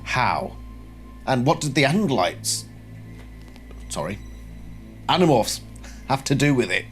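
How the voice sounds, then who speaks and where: A man talks casually to camera from a home room that is being redecorated, in a rambling, chatty, self-deprecating way. His voice is mid-pitched, and faint music plays behind him. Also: very animated, a little slow. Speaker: lore video host. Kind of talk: casual talking-head commentary.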